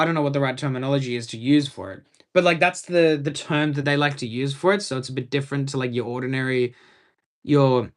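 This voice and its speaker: A young Australian man talks casually on a live stream from a room in his home. His voice sits somewhat high for a man. He rambles through his points with a fan's enthusiasm. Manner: rambling, enthusiastic fan commentary.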